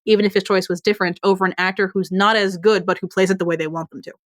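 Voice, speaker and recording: A woman's voice: medium pitch, steady tone, rapid-fire, dry recording, studio quality. A woman co-hosting a podcast in casual chat, rambling and laughing often. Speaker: podcast co-host.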